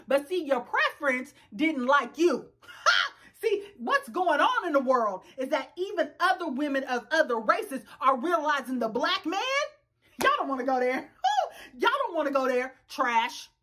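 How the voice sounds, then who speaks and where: A woman's voice: high-pitched, lively intonation, a little slow, a bit bright. A woman in her thirties reviewing a reality show in a casual, sassy rant, laughing often and talking straight to her viewers. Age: 30s. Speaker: YouTube reviewer. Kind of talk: casual ranting commentary.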